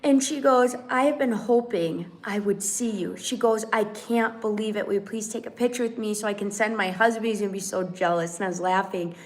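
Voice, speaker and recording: A woman's voice: medium pitch, fairly even intonation, brisk, few pauses. A woman hosting a casual live stream at home, telling a story animatedly and acting out the dialogue. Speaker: channel host. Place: home in Mexico.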